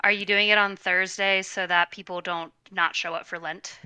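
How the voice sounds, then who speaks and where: A woman's voice: mid-range voice, fairly even intonation, normal speed, pushed and bright, clear, resonant tone, no room sound. A woman guest on a casual podcast chat, chatty and teasing.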